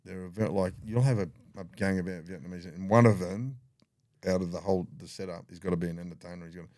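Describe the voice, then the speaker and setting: A middle-aged man with an Australian accent and a very deep, low-pitched voice. He spins rough, profane yarns in a casual chat, breaking into laughter as he goes. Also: quick pace, a little mellow, no room sound, studio quality. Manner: profane, laughing yarn-spinner. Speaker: guest. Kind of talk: casual storytelling.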